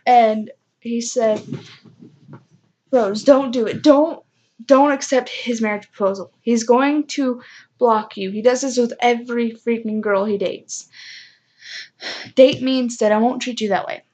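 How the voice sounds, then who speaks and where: Young woman vlogger, highish voice, chatty storyteller, lo-fi sound. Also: fairly even intonation, measured pace, long pauses, darkish tone. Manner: chatty, self-mocking, acts out quoted voices. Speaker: vlogger telling a personal story. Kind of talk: casual storytime chat.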